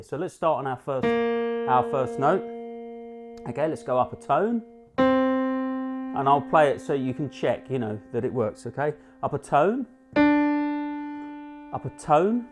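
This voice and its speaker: A man with a British English accent teaching a live online jazz lesson over a video call, talking in a relaxed, instructive way with many fillers and restarts. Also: mid-range voice. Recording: faint piano music behind the voice. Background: piano notes.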